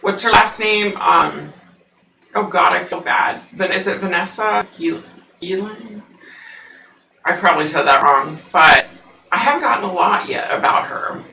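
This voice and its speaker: A woman hosting a psychic livestream, chatting casually with viewers and laughing often; her voice sounds unusually deep through the mic. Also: unhurried, gravelly, sharp tone, roomy sound, distant mic, a little hiss or hum, low-quality recording.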